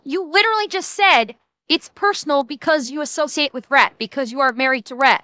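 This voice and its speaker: A woman's voice: sits high, moderate pace, pushed and bright, no room sound. A woman streamer giving casual reaction commentary, blunt and profane, often restarting her sentences.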